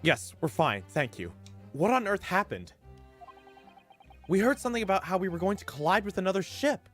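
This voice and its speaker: A man's voice: high-pitched, very animated, a bit bright, soft background music, pitched above the performer's own voice, exaggerated voice. A man doing a flustered young hero. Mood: indignant. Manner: indignant, quick protests.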